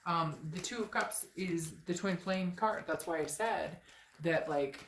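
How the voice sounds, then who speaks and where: Woman doing a tarot read, kinda low voice, rambly and blunt, swears a lot, echoey room. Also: unhurried, slight background noise. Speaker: tarot reader. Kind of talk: casual tarot reading.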